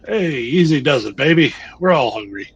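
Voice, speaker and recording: A man's voice: fairly high pitch, lively intonation, gravelly, slightly rough, muffled recording, heavily acted. A man voicing a laid-back, jive-talking hipster who calls people baby. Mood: cool. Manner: cool slang, drawn-out.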